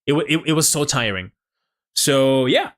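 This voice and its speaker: Bright-voiced Mexican man chatting live. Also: medium pitch, lively intonation, moderate pace. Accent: Mexican Spanish speaker with American-leaning English. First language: Spanish. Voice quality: slightly nasal. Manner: laughing often, stammering restarts. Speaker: language-learning streamer. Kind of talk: casual live-stream chat.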